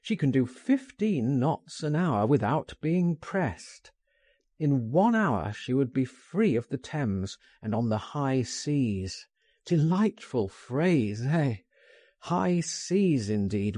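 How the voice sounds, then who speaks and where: A male narrator reads a first-person story in a slow, measured way, his voice husky and mellow. His pitch moves a lot as he coaxes and persuades, and the recording is dry and close. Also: no room sound. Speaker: audiobook narrator.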